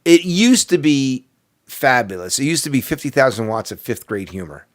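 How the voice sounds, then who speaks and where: A man's voice: mid-range voice, big pitch swings, normal speed. A man with a New Jersey accent co-hosting a casual show, joking and slipping into mock voices. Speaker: co-host. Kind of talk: casual podcast banter.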